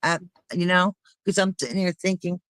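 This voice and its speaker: A woman's voice: lowish voice, fairly even intonation, moderate pace, fairly bright tone, no room sound, low-quality recording. Indignant woman ranting in casual chat.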